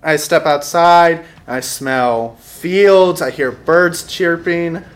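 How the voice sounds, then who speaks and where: Taking it slowly in a slightly high voice, a young storyteller at a live show shares a funny story from his own life. He mocks himself wryly and chuckles throughout.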